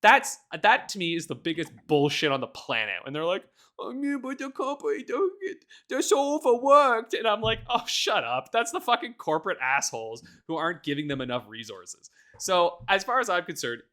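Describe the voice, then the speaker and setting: Bright, lively-voiced podcast co-host ranting. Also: mid-range voice, brisk, hardly any pauses. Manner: animated, profane ranting with frequent laughs. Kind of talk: casual chat.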